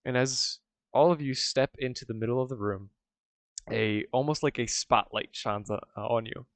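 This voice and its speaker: A man's voice: medium pitch, moderate pace, dry recording. A man running a tabletop game as game master, narrating casually with rambling sentences and many fillers.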